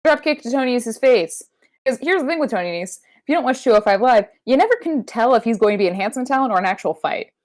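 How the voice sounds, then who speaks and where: A woman's voice: a little high, lively intonation, fast talker. Woman, podcast co-host, casual wrestling recap, playful, swears a lot. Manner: playful, swears freely, silly wordplay.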